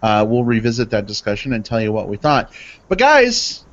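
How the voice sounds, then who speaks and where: A man's voice: medium pitch, big pitch swings, moderate pace. A man hosting a live podcast, chatty and upbeat, filling gaps with little fillers. His voice sits mid-range. The audio is dull and lo-fi. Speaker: podcast host.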